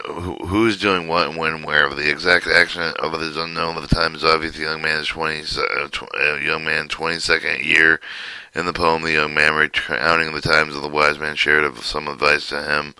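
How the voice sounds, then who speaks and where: A man with an extremely deep, flat voice reads a textbook lesson aloud. His tone is bright and crisp, and the sound is dry and close. He reads haltingly, often stumbling and restarting words. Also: no room sound, poor audio. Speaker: teacher reading a textbook chapter.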